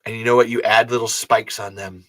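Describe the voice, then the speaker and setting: A man's voice: little pitch movement, a little fast, a bit bright, no echo. A man hosting a casual livestream, rambling and joking with his viewers. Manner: rambling, jokey, swings into high squeals. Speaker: podcast host.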